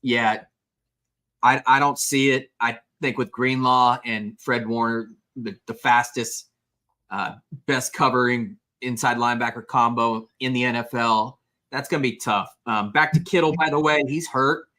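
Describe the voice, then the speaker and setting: A man's voice: mid-range voice, fairly even intonation, unhurried, bright, forceful tone. A man co-hosting a sports betting podcast, talking in a laid-back, wry way. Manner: laid-back, wry, says dude a lot. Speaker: podcast co-host. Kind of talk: casual sports betting chat.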